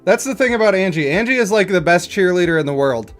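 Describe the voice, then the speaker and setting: A man's voice: high-pitched, animated, quick pace, soft background music. A man streaming a game, chatting casually in a rambling way and laughing often. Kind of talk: casual live-stream chat.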